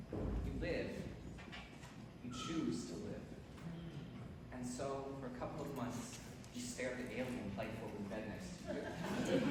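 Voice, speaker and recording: A man's voice: fairly high pitch, lightly acted. A young male student actor playing a lonely, rambling theatre fan who confides in the audience on a school stage. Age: teens. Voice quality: confiding, rambling, self-mocking. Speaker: narrator character in a stage musical. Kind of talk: live stage acting. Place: large school auditorium stage. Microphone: distant stage mics. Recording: echoey hall from far off with noise.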